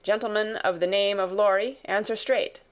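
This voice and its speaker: A woman voicing a gruff, wary male coach guard who barks out challenges. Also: mid-range voice, steady tone, moderate pace, close to an everyday voice. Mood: suspicious. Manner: barking, challenging shouts.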